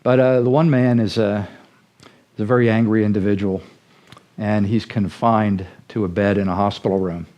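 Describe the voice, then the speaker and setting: A middle-aged man with a low, mellow voice, telling a folksy story in the earnest manner of a sermon. He speaks as a ministry leader addressing his listeners. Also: steady tone, normal speed, highs cut off. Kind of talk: storytelling sermon-style talk.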